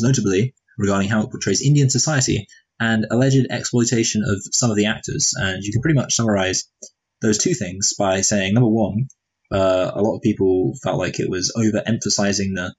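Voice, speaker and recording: Married guy on a movie podcast, wry jokes, wanders off topic, low husky voice. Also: rough recording. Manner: joking, wry, meandering. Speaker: movie review podcast co-host. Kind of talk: casual chat.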